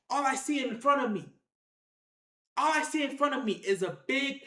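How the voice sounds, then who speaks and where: An animated storyteller telling a wild story to camera in casual slang, acting out scenes with sound effects, repeated phrases and shouted lines. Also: high-pitched, moderate pace, pauses often, roomy sound.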